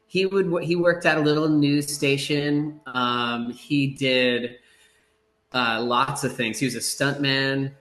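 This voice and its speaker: Bright-voiced man telling easygoing stories. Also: medium pitch, slow, reverberant. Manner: relaxed, rambling, many fillers and acted-out quotes. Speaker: surf broadcaster, podcast guest. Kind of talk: casual storytelling in a podcast interview.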